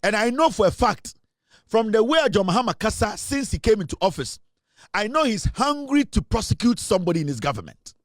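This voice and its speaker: A Ghanaian man delivering fiery news commentary in a high, ringing voice. He is emphatic and forceful and moves freely between English and Twi, recorded close and dry with no room sound. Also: big pitch swings, brisk, no echo. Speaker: political commentator.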